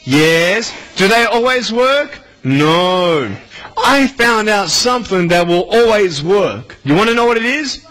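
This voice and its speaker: A man in his thirties with an Australian accent, giving an animated motivational talk to schoolchildren and quizzing them. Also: sits high, slow. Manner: animated, playful, questions the audience. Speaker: motivational speaker. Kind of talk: speech to schoolchildren. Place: school hall with a child audience. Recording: noisy live hall recording.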